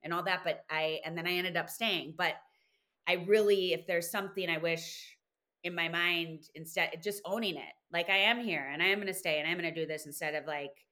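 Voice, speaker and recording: A woman in her thirties from Wisconsin, chatting as an interview guest. She tells stories with animation and acts out what people said. Her voice sits a little low but sounds bright and forceful. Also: fairly quick. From Wisconsin, USA. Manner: animated storytelling, acts out quotes. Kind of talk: casual interview chat.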